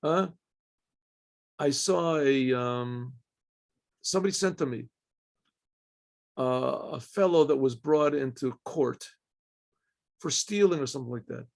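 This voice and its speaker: A man, a rabbi, giving a Torah class in a halting way, restarting phrases, clearing his throat often and asking himself questions he then answers. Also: mid-range voice, darkish tone.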